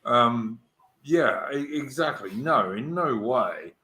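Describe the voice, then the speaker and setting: A man's voice: mid-range voice, expressive, takes it slowly, pushed and bright. A man chatting bluntly on a live online stream. He gives firm opinions and calls people mate. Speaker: panelist on a live talk stream. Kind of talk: casual chat.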